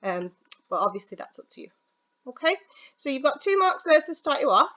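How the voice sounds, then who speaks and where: A woman's voice: sits high, sing-song, a little fast, pushed and bright. A woman from the UK who teaches English, talking through an exam answer in a chatty, informal recorded video lesson. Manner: chatty, informal, thinks aloud with fillers. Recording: slightly dull, lo-fi audio.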